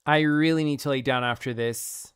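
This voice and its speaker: A woman's voice: very deep voice, steady tone, normal speed, clean tone. A woman streamer gushing playfully over fan art in a casual showcase, laughing often.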